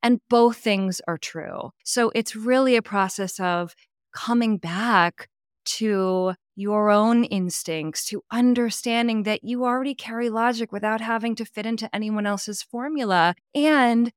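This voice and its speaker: A woman from California, a voice coach talking in a podcast interview, expressive and emphatic, often adding "right?" asides. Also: fairly high pitch, a little slow, clear, resonant tone, dry recording, studio quality.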